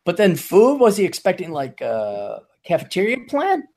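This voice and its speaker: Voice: mid-range voice, wildly swooping pitch, moderate pace, a little mellow. A podcast host in casual chat who reads a news story aloud, mocking it and laughing between lines. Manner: joking, mocking, laughs often.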